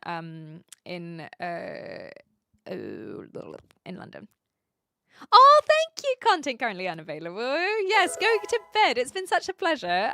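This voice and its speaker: Woman, New Zealand accent, young adult, streamer, high voice, bright tone, dry sound. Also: no room sound. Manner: chatty, animated, laughs often. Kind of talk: casual chat reading viewer messages.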